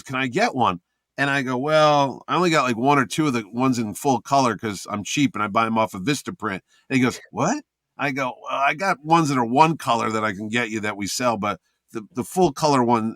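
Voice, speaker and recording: A man telling a lively convention story in casual chat, acting out what others said. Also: medium pitch, no room sound, studio quality. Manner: animated anecdote teller, acts out quoted voices.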